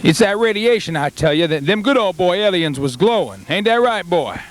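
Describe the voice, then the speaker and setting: A man's voice: high-pitched, very animated, moderate pace, slight background noise. A man playing a boastful rural farmer in a comedy sketch, rambling and stumbling over his words. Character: boastful rural male farmer, middle-aged, folksy.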